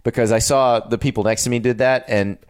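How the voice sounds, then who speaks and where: A man in his forties chats on a podcast at a middle pitch. He tells food and travel stories with eager, animated energy. His delivery stays loose and conversational. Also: a little fast, clear, resonant tone. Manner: enthusiastic storyteller, animated. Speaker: podcast co-host. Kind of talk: casual chat about food and travel.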